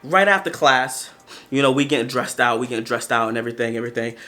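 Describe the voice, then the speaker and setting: A man in his twenties telling a story to the camera in a casual, slangy, animated way, often talking straight to his viewers. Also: medium pitch, fast. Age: 20s. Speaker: storytelling vlogger.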